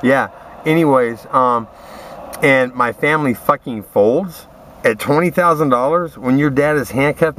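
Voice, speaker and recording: A man's voice: medium pitch, fairly bright tone. Profane, aggrieved man ranting. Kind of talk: ranting monologue to camera.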